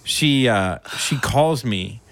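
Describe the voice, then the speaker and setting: A man's voice: medium pitch, expressive, slow, a bit bright. A man hosting a podcast, telling a funny story about himself in a casual, self-mocking way and laughing a lot. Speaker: podcast host.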